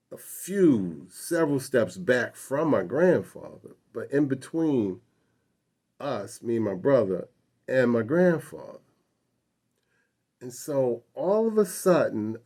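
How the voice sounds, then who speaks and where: A man's voice: mid-range voice, a little mellow, husky. A man in his sixties telling a personal childhood story in an earnest, reflective way.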